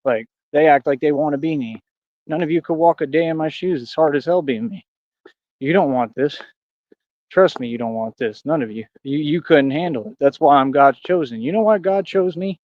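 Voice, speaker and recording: A man's voice: fairly high pitch, a little fast, dry recording, muffled recording. Rambling aggrieved man on a livestream. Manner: rambling, aggrieved, preachy, slangy. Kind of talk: casual livestream rant. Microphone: streaming mic.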